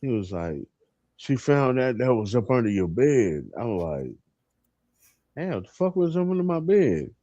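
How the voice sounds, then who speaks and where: A man's voice: mid-range voice, big pitch swings, measured pace, mellow, dry recording, highs cut off. A man telling a crude, funny story in casual chat on a live stream, breaking into laughter.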